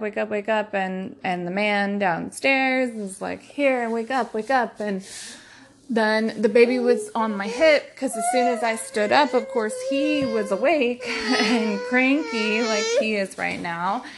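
A young woman hosting a solo podcast, chatting casually and rambling with laughs as she tells stories about her day as a stay-at-home mom. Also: mid-range voice. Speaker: podcast host.

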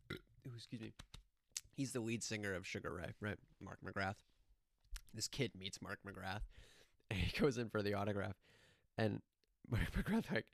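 A man's voice: on the low side, creaky, no room sound, clean studio sound. A man talking casually and rambling, often laughing and swearing while he tells a story. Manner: rambling, laughing, profane, animated.

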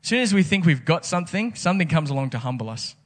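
A man's voice: a little high, big pitch swings, quick pace. A man preaching a casual, conversational sermon, full of rhetorical questions. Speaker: pastor.

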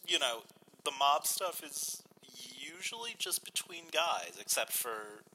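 A man co-hosting a casual movie chat, animated and swinging between loud and soft. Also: on the high side, a little slow, gravelly, a little hiss or hum, low-quality recording.

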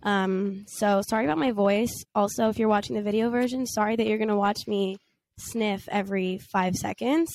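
A woman's voice: medium pitch, fairly even intonation, normal speed, darkish tone, no echo. A woman in her twenties co-hosting a podcast, chatting playfully while her voice is still recovering from a cold. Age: 20s. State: recovering from a cold, voice not fully back. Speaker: podcast co-host. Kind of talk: casual chat.

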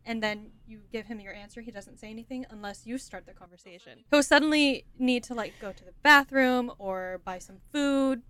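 A young woman co-host in a casual chat, chiming in with quick reactions and laughs. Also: a little high, a bit bright. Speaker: podcast co-host.

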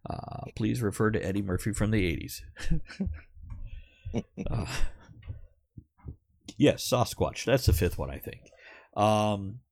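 A man's voice: lowish voice, slow pace, gravelly, long pauses, a little mellow, dry recording. A man hosting a podcast in casual, rambling chat who swears now and then. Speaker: podcast host.

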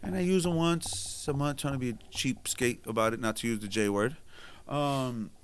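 A man's voice: medium pitch, moderate pace, clear, resonant tone. A man in his thirties co-hosting a casual chat, telling slangy stories and laughing through the punchlines. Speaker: podcast co-host.

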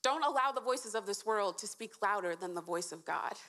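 A woman's voice: mid-range voice, expressive, brisk, very noisy. A woman giving a short, earnest sermon to a live audience, asking them questions and encouraging them. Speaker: speaker at a church event.

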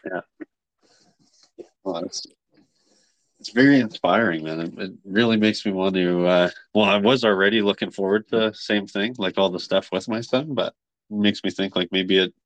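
Very deep-voiced man hosting a chat. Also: moderate pace, no echo, low-quality recording. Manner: relaxed, rambling with many fillers. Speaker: podcast host. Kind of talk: casual chat.

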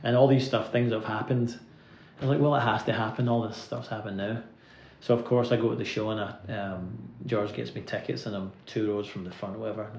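A man's voice: lowish voice, fairly even intonation, vocal fry, a little mellow, a little hiss or hum. A man with a Scottish accent, a guest musician telling rambling anecdotes in a casual interview, often laughing and filling his talk with "like". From Scotland. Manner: rambling anecdotes full of "like" fillers, quick to laugh. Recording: roomy, slightly dull recording.

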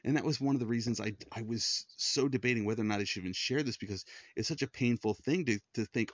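A man's voice: fairly low pitch, fast, hardly any pauses, no room sound. A middle-aged man speaking in an earnest personal monologue as a Christian podcast host, often repeating words and restarting when moved. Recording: dull, dry lo-fi sound.

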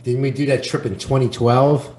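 A man's voice: medium pitch, fairly even intonation, moderate pace, a little mellow. Laughing man in an echoey room. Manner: laughs through his remarks. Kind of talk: casual chat. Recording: echoey room with faint noise.

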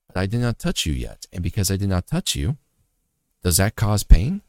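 A man's voice: deep voice, very animated, moderate pace, a little mellow, no echo. A man sharing a personal story as a father in an earnest, repetitive, reflective motivational faith talk.

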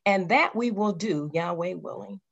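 A woman leads a Bible class, earnest and unhurried, circling back to correct herself and pressing each point home with a quick "see.". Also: medium pitch, vocal fry, dull audio. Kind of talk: Bible study teaching.

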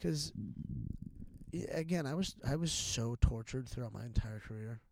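A man's voice: mid-range voice, normal speed, vocal fry, a little mellow, no echo. Middle-aged guy rambling about his past, lots of cussing and restarts, dry close mic. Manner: rambling, profane, full of restarts and fillers. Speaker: podcast guest. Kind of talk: candid casual chat.

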